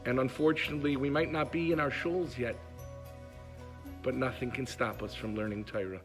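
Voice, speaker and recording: A man's voice: mid-range voice, steady tone, moderate pace, soft background music. A man telling a moving story in an emotive way. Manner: emotive, acts out pleas in a raised voice. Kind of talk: heartfelt storytelling.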